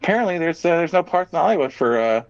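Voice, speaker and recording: A man's voice: on the high side, expressive, fast talker, dry recording, muffled recording. A man co-hosting a podcast in casual chat, riffing bluntly and profanely in a rambling way. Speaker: podcast co-host.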